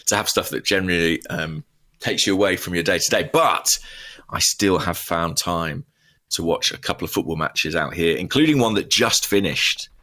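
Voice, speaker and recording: A man's voice: sits low, normal speed. A man co-hosting a football podcast, telling stories in a playful, conversational way. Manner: lively storyteller, playful voices. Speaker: podcast co-host. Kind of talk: casual football podcast chat.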